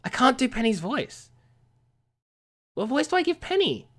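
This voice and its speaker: A woman's voice: high voice, sing-song, normal speed, a little hiss or hum. A woman streamer chatting casually, stammering and mocking herself with minced swears.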